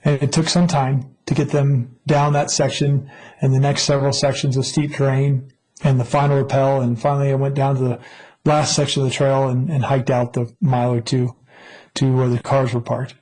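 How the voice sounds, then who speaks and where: A middle-aged man giving an earnest personal testimony, recounting a mountain rescue in a measured storytelling manner. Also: mid-range voice, level tone, darkish tone, low-quality recording.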